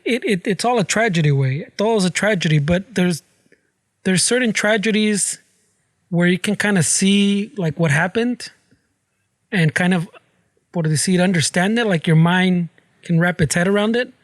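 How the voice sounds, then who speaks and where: A man's voice: sits high, normal speed, no echo. A man with a Mexican-American accent talking earnestly on a podcast, mixing in Spanish phrases. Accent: Mexican-American English. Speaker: podcast co-host. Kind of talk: casual chat.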